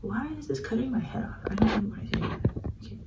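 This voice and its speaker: A woman's voice: a little high, fast. A young woman chats to her camera as she gets ready, gushing and rambling with plenty of slang. She sometimes sinks into a whisper mid-thought. The sound is roomy and a little distant, like a phone propped up across the room. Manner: gushing, chatty, frequent fillers and slang; drops to a whisper while doing makeup. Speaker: vlogger. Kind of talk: casual get-ready-with-me vlog. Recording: roomy, slightly distant home recording.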